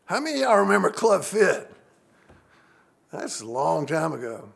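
A man's voice: high-pitched, very animated, normal speed, creaky, a bit bright, breathy edge. A middle-aged man, preaching a sermon to his congregation in an earnest way, often asking the listeners questions. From United States. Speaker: pastor.

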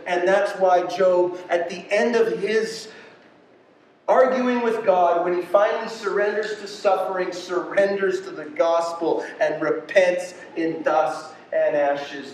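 High-voiced male pastor, passionate sermon, very echoey church sound from far off. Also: a little hiss or hum. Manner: passionate, swings from quiet to loud.

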